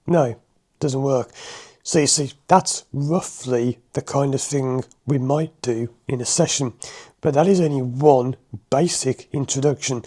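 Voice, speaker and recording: A man talks to the viewer about his therapy sessions, chatting loosely and laughing now and then. His voice is mellow and warm, sitting at an ordinary pitch for a man. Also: unhurried, husky. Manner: chatty, conversational, laughs often. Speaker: hypnotherapist and driving instructor. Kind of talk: explaining to viewers to camera. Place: a room in his home.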